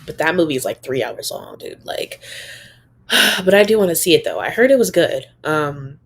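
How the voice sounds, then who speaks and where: A woman's voice: sits low, big pitch swings, normal speed, slightly rough. Young woman podcast host, stuffed up and nasal, slightly strained; loose, rambling solo talk. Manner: rambling, many "um" and "like". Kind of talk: casual solo podcast chat.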